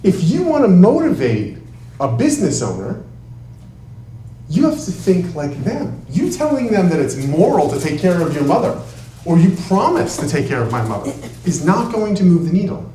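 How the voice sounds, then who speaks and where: Animated man lecturing in an echoey room. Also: high voice, distant mic, a little hiss or hum. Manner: emphatic and animated, with quick bursts. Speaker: trial lawyer giving a talk. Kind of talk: presentation to an audience.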